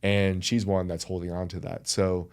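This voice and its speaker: A man's voice: low-pitched, level tone, normal speed, darkish tone. A man talking as a podcast guest in a casual conversation, earnest and reflective.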